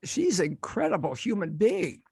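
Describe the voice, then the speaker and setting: Effusive husky male host. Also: sits high, very animated, normal speed, a little mellow, no echo. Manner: effusive, stammering with emotion. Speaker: podcast host. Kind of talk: casual interview wrap-up.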